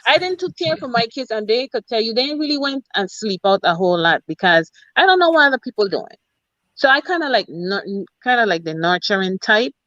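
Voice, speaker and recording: A woman's voice: fairly high pitch, animated, brisk, fairly bright tone, dry recording, dull audio. A middle-aged woman from the Virgin Islands with a Virgin Islands accent, a military officer telling stories as a guest in a casual interview. She talks emphatically and leans on "you know" and "you understand.".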